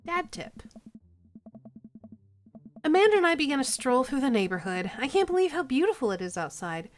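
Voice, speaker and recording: A woman's voice: sits high, big pitch swings, fast talker, soft background music. A woman streamer playfully reading a dating game aloud and chatting with viewers.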